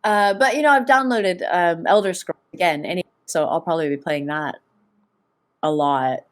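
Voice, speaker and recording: A woman co-hosting a relaxed gaming podcast. Her voice sits a little low, and she talks in a chatty, self-mocking way. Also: normal speed. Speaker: podcast co-host. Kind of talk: casual chat.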